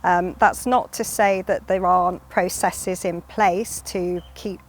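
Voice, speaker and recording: A woman explaining things in a measured way in a documentary interview. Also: fairly low pitch, steady tone.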